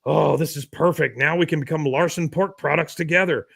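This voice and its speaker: A man's voice: a little high, fairly even intonation, a little fast, creaky, slightly rough, no echo, studio quality. A man doing a naive, earnest young suitor.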